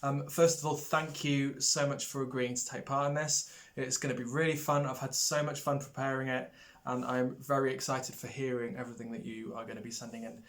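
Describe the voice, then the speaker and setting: A man's voice: mid-range voice, little pitch movement, fairly quick, fairly bright tone. A man teaching brass players in a recorded lesson, friendly and hesitant, with many ums, singing rhythms out as "da". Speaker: music teacher.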